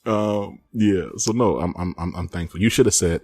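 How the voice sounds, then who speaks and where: A man's voice: deep voice, normal speed, darkish tone. A man hosting a podcast, chatting casually and teasing his co-host with frequent laughs. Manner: playful, teasing, laughs often.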